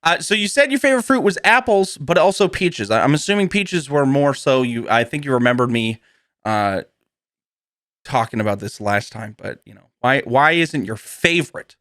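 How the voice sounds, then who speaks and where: A man hosting a loose, casual podcast, laughing often and swearing freely as he rambles. His pitch swings widely and animatedly. The sound is dry and close, with no room to it. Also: animated, normal speed, fairly bright tone, dry recording. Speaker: podcast host.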